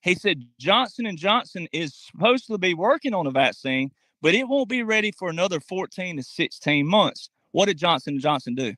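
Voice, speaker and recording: A man's voice: sits high, very animated, normal speed, few pauses, pushed and bright, dry recording. A man delivering a political commentary monologue, emphatic and talking straight to his audience, acting out quotes in mocking voices. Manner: emphatic, addresses audience directly.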